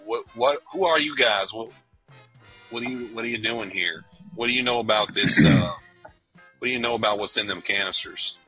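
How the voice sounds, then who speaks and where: A man playing a tabletop game in character, talking in a halting, casual drawl. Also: fairly low pitch, pushed and bright, husky, soft background music, poor audio. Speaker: player.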